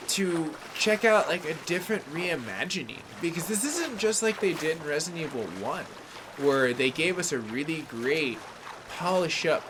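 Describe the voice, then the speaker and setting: A man's voice: on the high side, background noise. Chatty man streaming a game. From San Francisco Bay Area, California. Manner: rambling, chatty, greets chat viewers by name, frequent "like" and "um". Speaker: gaming livestreamer. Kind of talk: casual live gameplay commentary.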